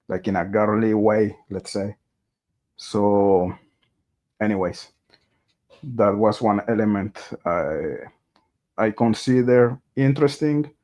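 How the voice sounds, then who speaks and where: A man hosting a true crime livestream, talking slowly and unhurriedly in a lowish, mellow voice. His speech is hesitant, full of fillers and restarts, as he thinks aloud and chats with viewers. The tone stays casual and conversational throughout. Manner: reads viewer chat aloud and greets viewers.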